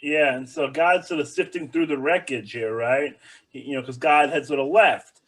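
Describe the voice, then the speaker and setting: A man's voice: on the high side, normal speed. A male rabbi teaching a bible study class in a conversational, joking, explanatory way.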